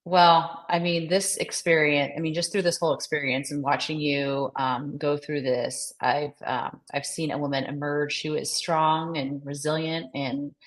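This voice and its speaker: A woman with a notably low voice speaks in an affirming, casual tone. She restarts often with "I mean" as she encourages her friend. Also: flat delivery, a little slow, few pauses, low-quality recording. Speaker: podcast co-host. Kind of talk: supportive casual chat.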